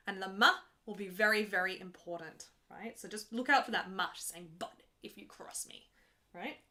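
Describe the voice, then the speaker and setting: A young woman with a high, bright voice talks to her stream viewers about opera in a chatty, teasing way. She explains the music in plain terms and jokes about rude requests in chat. Her tone stays ringing and forward throughout. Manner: chatty and joking, breaks into full operatic singing. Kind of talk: live stream chat and teaching.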